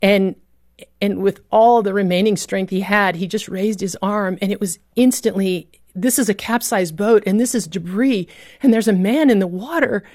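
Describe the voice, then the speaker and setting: A woman's voice: mid-range voice, moderate pace, no echo, studio quality. Earnest woman telling a rescue testimony. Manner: earnest storytelling with vivid reenacted shouts. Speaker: guest telling a personal story. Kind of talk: emotional testimony.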